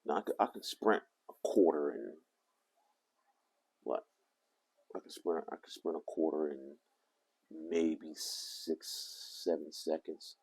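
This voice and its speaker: An older man telling a rambling, animated story to the camera. He often corrects himself as he talks. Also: a bass voice, slow, pauses often, husky. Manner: animated, meandering, self-correcting. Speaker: vlogger.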